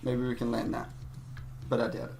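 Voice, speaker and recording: A young man talks casually over his gameplay, cursing often and tripping over his words as he tells a story. His voice sits at an ordinary middle pitch. Faint music plays underneath. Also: monotone, moderate pace, vocal fry, a little mellow. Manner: rambling, profane, laughing, with many restarts. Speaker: gaming channel host.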